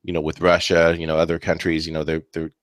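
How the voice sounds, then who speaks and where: Deep-voiced man, casual co-host. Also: monotone, fast, no echo. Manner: loose, filler-heavy, lots of "you know". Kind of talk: casual opinion talk show.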